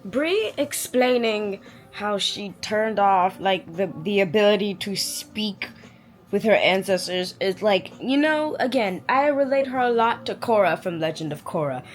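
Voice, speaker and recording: Young woman, twenties, book vlogger, blunt slangy reactions, lively swooping pitch, soft music underneath. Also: measured pace. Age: 20s. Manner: candid, blunt and expressive, with slangy asides. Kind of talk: casual reading vlog reactions.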